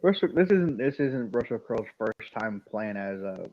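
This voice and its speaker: A man's voice: on the low side, very animated, normal speed, highs cut off. A man co-hosting a podcast in casual chat, often restarting his sentences. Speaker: podcast co-host.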